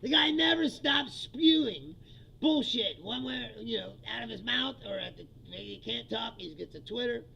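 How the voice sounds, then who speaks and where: High, gravelly fifty-something ranting comedian. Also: male voice, moderate pace, pushed and bright, muffled recording, a little hiss or hum. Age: 50s. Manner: profane, ranting, laughs often. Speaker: comedian host. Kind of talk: livestream comedy rant.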